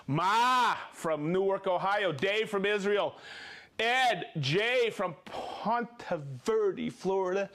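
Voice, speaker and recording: Upbeat high-voiced man reading shout-outs. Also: slow. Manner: upbeat, reads viewer names and places, jokes and laughs. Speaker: livestream host. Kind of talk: live-stream shout-outs.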